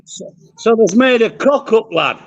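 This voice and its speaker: A man's voice: high voice, expressive, measured pace. Give me a man joking bluntly on a muffled video call from a hot garden. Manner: blunt, teasing, talks in banter. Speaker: guest calling in. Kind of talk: casual chat on a video call. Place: outdoor garden in a hot climate.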